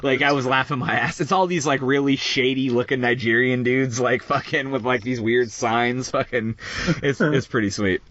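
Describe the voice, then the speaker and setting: A man's voice: mid-range voice, steady tone, moderate pace, fairly bright tone, no room sound, lo-fi sound. A man hosting a podcast in casual chat, rambling and profane, full of fillers like "like" and "dude". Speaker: podcast host.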